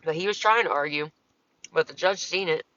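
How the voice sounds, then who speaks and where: A woman's voice: fairly low pitch, brisk, fairly bright tone, no echo, lo-fi sound. A woman talking casually on her livestream, answering comments in a profane, exasperated, rambling way.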